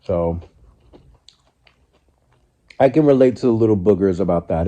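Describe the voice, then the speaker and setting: Deep, dark-voiced man vlogging. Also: animated, normal speed, pauses often. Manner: reflective, candid, speaks in loose restarts. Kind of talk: casual mukbang vlog. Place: living room, on a couch. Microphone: phone.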